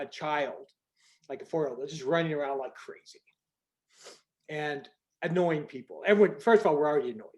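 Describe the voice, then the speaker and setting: An older man telling a personal story on a group video call in an earnest, conversational way, going soft at the moving parts. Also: on the high side. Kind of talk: storytelling talk.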